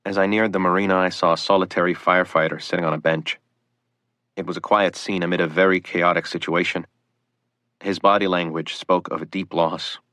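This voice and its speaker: A man narrating a photographer's first-person account for an audiobook, quiet and solemn. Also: low voice, flat delivery, brisk, no echo.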